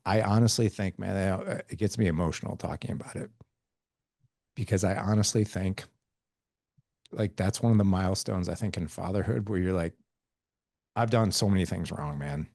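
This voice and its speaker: Deep gravelly dude on a podcast, earnest dad stories, acts out the kid lines, dry mic. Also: male voice, normal speed, long pauses, a little mellow, no room sound. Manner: earnest storytelling, acting out dialogue with his kids. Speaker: podcast guest. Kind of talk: conversational interview.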